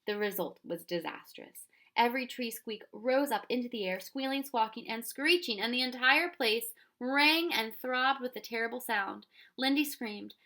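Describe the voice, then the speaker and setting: A woman reading a children's storybook aloud with expressive narration. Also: a little high, normal speed. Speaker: reader.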